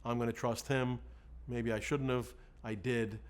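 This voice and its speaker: A middle-aged man recalling his days as a defense lawyer, in a candid, lively storytelling voice. His voice sits at an ordinary middle pitch. He talks frankly and keeps getting swept up in the telling, laughing as he goes. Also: a little slow, smooth. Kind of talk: candid recollection in an interview.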